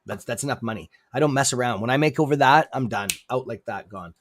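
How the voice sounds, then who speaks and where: A man's voice: mid-range voice, fast, a little hiss or hum. Chatty man hosting a stock stream. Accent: non-native English accent. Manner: chatty, repeats "okay?", sudden outbursts. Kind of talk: casual livestream market talk.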